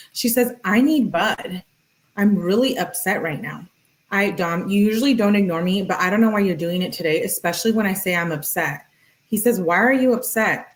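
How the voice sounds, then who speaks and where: A woman's voice: medium pitch, poor audio. A young woman hosting a commentary stream, reading text messages aloud with playful asides and casual chatter. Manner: chatty and playful, laughs often, reads messages with lively emphasis. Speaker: true crime commentary host.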